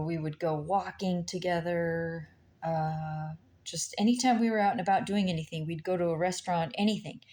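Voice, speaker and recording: A woman slowly telling a painful personal story, halting with many pauses and fillers, recorded on a laptop mic. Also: fairly low pitch, mellow. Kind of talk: personal testimony, slow and halting. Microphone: laptop mic on her lap.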